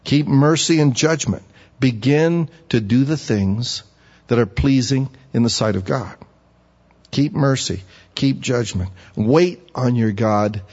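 Preacher man in a dull echoey hall. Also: slow pace. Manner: animated, rising high when acting out pleading; asks the audience questions. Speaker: pastor. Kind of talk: sermon.

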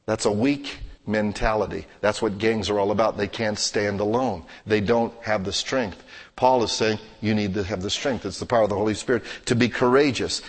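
A man's voice: on the low side, fairly even intonation, moderate pace, in a large hall. A man preaching a sermon as a pastor, exhorting his congregation with emphatic, rising and falling intensity.

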